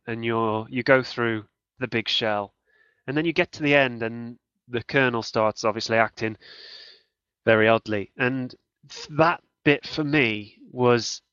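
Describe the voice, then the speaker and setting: A man's voice: medium pitch, fairly bright tone, smooth, dry recording. Man, casual game talk, hesitant restarts, dull lo-fi sound, dry. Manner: hesitant, restarts mid-thought. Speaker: podcast panelist. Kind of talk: casual gaming discussion.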